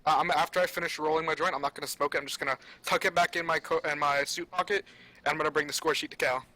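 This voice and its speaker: A man's voice: a little high, steady tone, bright, forceful tone, dry recording. A man playing a tabletop game, talking eagerly and swearing freely. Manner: quick, profane, eager. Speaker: player. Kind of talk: casual tabletop game chat.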